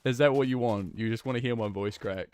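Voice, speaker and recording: A man's voice: medium pitch, fairly quick, a little mellow, clean tone. A young man streaming a game, chatting casually and laughing, flustered and rambling. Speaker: gaming streamer.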